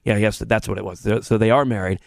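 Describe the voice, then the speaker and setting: Chatty gravelly male radio host. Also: lowish voice, steady tone, very fast, dry recording, clean studio sound. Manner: rambling, chatty, with restarts. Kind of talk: casual radio chat.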